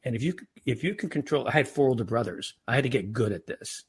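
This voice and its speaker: A man's voice: medium pitch, lively intonation, fast talker, slightly rough. A middle-aged man talking casually as a podcast guest, often restarting and repeating words. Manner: frequent restarts and stammered repeats. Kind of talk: casual interview talk.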